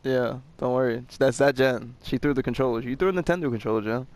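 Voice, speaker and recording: A young man giving loud, joking, profane commentary while playing a video game. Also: medium pitch, fast. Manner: loud, joking, swears often. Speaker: gaming channel host. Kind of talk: casual gameplay commentary. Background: game music and gunfire.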